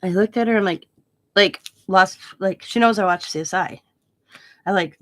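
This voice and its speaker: With a mid-range voice and a fairly quick pace, an older woman from Wisconsin hosts a craft channel, chatting casually as she crafts live. She rambles through family stories and laughs at her own tales.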